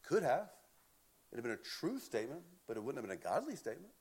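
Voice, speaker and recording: A man's voice: mid-range voice, big pitch swings, quick pace, darkish tone, husky. A man preaching an expository sermon, emphatic and often repeating words as he builds a point. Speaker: pastor.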